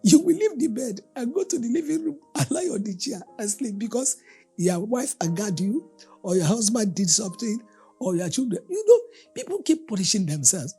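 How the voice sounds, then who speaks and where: A woman pastor with a slightly high, breathy voice preaches a storytelling sermon at a moderate pace over soft background music. She animatedly tells everyday stories and acts out the people in them.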